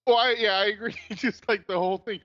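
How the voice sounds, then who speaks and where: A man's voice: high voice, fairly even intonation, fairly quick, fairly bright tone. A podcast guest in casual chat who laughs often and stops and restarts as he talks. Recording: dull lo-fi with long reverb.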